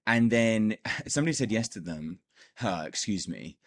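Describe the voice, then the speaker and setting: A man's voice: lowish voice, expressive, moderate pace. A man teaching a recorded sales course as a coach, enthusiastic, repeating words and filling gaps with "done, done, done".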